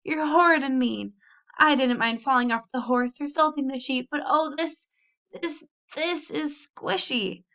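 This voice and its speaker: Brief: woman voicing a fussy, prissy girl cousin, high whiny pitch, storybook reading. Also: lively intonation, normal speed, a bit bright. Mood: sobbing. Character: prim fussy city girl cousin, easily upset.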